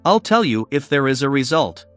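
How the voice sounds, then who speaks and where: A man's voice: mid-range voice, big pitch swings, normal speed, faint music behind, close to an everyday voice. A male narrator voicing a confident, teasing young male investigator in an audiobook, with an easygoing, playful manner.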